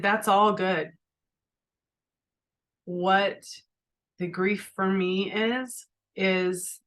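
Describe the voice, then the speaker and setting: A woman's voice: medium pitch, fairly bright tone. A middle-aged woman hosting a podcast, talking earnestly and from the heart, often restarting and asking "right?". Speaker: podcast host. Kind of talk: personal spiritual talk.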